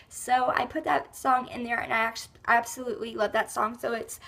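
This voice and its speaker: A woman's voice: fairly high pitch, steady tone, brisk, few pauses, pushed and bright. A woman vlogger with a stuffy nose from a cold, rambling casually through her monthly favorites with lots of fillers. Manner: chatty and rambling, many fillers like "like" and "um". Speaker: beauty and lifestyle vlogger.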